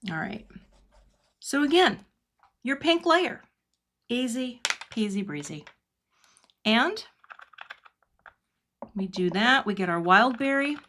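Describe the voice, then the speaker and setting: A middle-aged woman teaching cardmaking in a live online demo, chatting and laughing often, her voice dropping low when she concentrates. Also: very animated, slow, pauses often, bright, forceful tone, slight background noise. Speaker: cardmaking instructor. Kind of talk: live online craft demonstration.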